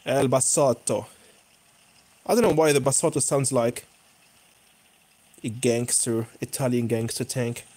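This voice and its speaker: A man's voice: mid-range voice, a little slow, long pauses. A young man commenting live on his own tank gameplay, cheering and groaning as the match goes. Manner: excitable, bursts of cheering and groaning. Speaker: gaming YouTuber.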